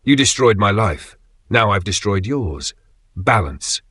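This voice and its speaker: A man reading the lines of a cold, vengeful woman in a dark narrated story, delivering measured threats. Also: lowish voice, big pitch swings, breathy edge, no echo, studio quality, full character voice.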